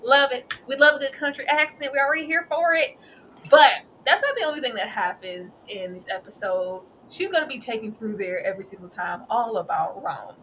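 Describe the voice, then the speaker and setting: Animated woman reviewer, bright voice. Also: fairly high pitch, fairly quick, a little hiss or hum, rough recording. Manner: animated, slips into playful character voices and laughs often; familiar, peppered with "girl" and "baby". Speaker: co-host reviewing a TV series. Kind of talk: casual review chat.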